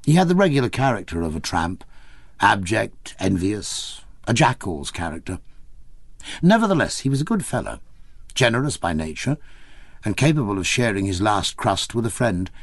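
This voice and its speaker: A man narrating an audiobook in a measured, wry storytelling manner. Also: on the low side, big pitch swings, creaky, slightly rough, no echo.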